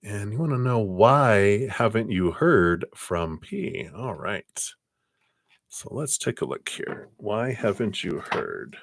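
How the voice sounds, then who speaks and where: Low-voiced man giving rambling card readings. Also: expressive, slow pace, vocal fry, no room sound. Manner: rambling and reassuring, many "you know"s. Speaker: card reader. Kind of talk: live-stream card reading.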